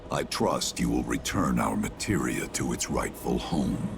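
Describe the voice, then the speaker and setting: A deep, gravelly ghostly elder. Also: male voice, lively intonation, heavy background noise, exaggerated voice. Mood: solemn. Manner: slow, formal and ominous. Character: ancient ghostly male Gi elder, grave and solemn. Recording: game audio with music behind.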